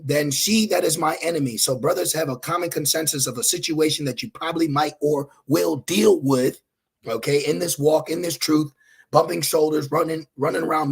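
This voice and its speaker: A man's voice: on the high side, moderate pace, gravelly, breathy edge. A man preaching scripture online, scolding his listeners with blunt, profane asides and reading Bible verses aloud between his remarks.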